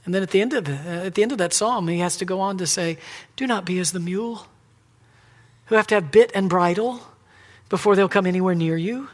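A man preaching a sermon who swings from hushed whispers to loud, emphatic pleading and acts out quoted voices. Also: high-pitched, fairly quick. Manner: acts out God and the people in quoted lines. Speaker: pastor.

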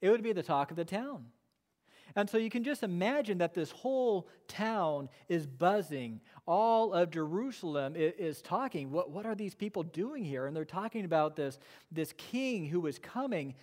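A man preaching from the pulpit, his fairly high voice carrying a long reverb through the sanctuary. He stresses key phrases slowly and rushes through asides. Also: expressive, a little mellow. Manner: emphatic, swings between quick asides and slow stressed phrases. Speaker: pastor. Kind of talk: sermon. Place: church sanctuary. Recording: long reverb of a church hall.

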